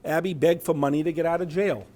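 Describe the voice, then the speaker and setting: Chatty man, slightly high voice. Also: steady tone, fast, mellow. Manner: chatty, asks "right?" often, trails off mid-sentence. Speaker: presenter at a scam awareness talk. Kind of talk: informal talk reading from a news article.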